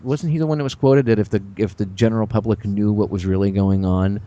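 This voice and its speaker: A man hosting a radio talk show, rambling with sarcastic, animated asides. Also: lowish voice, fast talker, dull audio.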